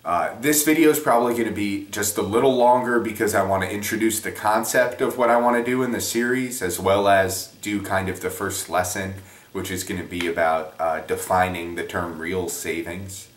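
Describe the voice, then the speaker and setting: Low-voiced man explaining economics casually. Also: steady tone, moderate pace. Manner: conversational, rambling, self-deprecating. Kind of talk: casual spoken lesson. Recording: echoey room, distant from mic.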